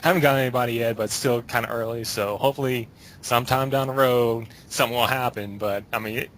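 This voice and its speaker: A man chatting as a podcast guest, relaxed and joking, with loose phrasing. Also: medium pitch, fast talker, a little hiss or hum, rough recording. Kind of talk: casual chat.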